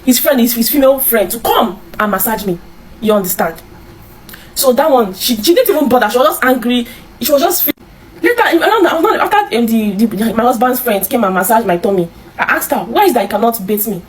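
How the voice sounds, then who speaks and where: A woman's voice: on the high side, expressive, low-quality recording. Nigerian woman retelling family hardship. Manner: repetitive, halting, with many restarts. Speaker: interviewee. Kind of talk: emotional personal storytelling.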